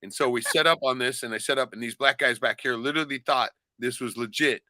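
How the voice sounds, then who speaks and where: A man's voice: mid-range voice, fast talker, sharp tone, no room sound. A man on a casual podcast, rambling and swearing a lot, often tagging lines with "right?". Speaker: podcast co-host. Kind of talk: casual profane chat.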